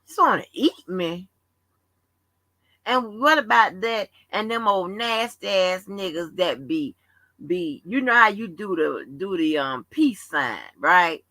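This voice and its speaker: A woman's voice: mid-range voice, expressive, slow pace, bright, forceful tone, no room sound. A woman hosting a livestream open forum, telling stories in a blunt, profane, casual rant. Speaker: livestream host.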